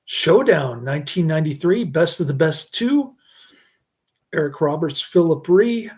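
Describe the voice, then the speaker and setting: Guy doing a slow rambly movie review, a bit high-voiced, keeps chuckling. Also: animated. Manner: slow, halting, laughs at own jokes.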